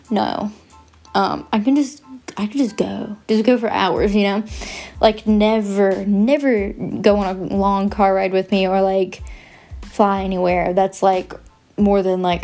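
A woman's voice: mid-range voice, a little mellow. A young woman hosting her podcast, chatting in a rambling, goofy, self-mocking way. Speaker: podcast host. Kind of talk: casual rambling chat.

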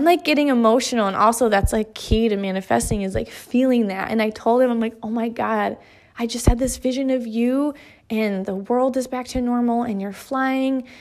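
A woman in her thirties, an author, speaking earnestly in a motivational monologue, stressing points by repeating phrases in lists. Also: mid-range voice.

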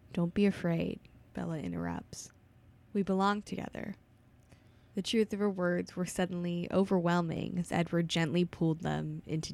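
A woman co-hosting a podcast, narrating a novel's events in a steady, even way. Her voice sits slightly low for a woman. She drops in short reactions to her co-host's jokes. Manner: steady storytelling recap with quick reactions. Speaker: podcast co-host. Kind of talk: casual chat and book recap.

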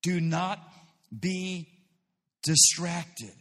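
A man's voice: high-pitched, little pitch movement, very slow, a bit bright, in a large hall. A man preaching a sermon as pastor, emphatic, repeating phrases with mocking asides.

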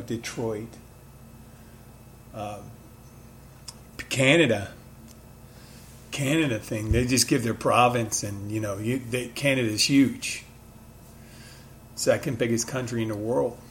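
A man's voice: mid-range voice, slight background noise. A man with a mid-Atlantic American accent touched by Philadelphia, talking casually and thinking aloud with frequent restarts. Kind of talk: casual monologue.

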